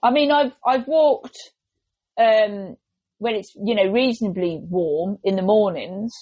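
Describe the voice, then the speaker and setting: A woman with an English accent, co-hosting a casual podcast chat, talking in a chatty, lively way and slipping into quoted voices. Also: mid-range voice, a little slow, dry recording, lo-fi sound. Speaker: podcast co-host.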